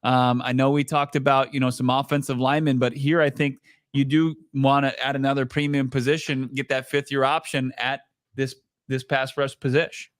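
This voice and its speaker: A man's voice: mid-range voice, flat delivery, moderate pace, dry recording, clean studio sound. A man co-hosting a casual sports podcast, joking and teasing his partner, laughing often. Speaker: podcast co-host.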